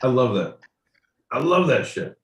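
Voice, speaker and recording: Playful male co-host, casual comedic chat; mid-pitched, roomy and off-mic. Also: very animated, measured pace. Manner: playful, laughs easily. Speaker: podcast co-host.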